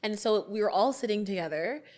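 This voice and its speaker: A woman's voice: medium pitch, fairly quick. A young woman co-hosting a podcast, chatting casually and telling a story with lots of laughs. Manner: animated storyteller, laughs often. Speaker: podcast co-host. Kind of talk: casual chat. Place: indoors, podcast recording.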